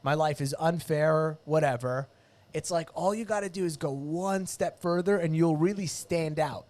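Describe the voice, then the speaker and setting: A man with a somewhat high voice, trading sarcastic jokes on a comedy podcast. He riffs quickly and breaks into mock-angry rants, speaking close to a studio microphone. He is from the United States. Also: a little mellow. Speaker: podcast co-host. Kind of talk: casual comedic podcast banter.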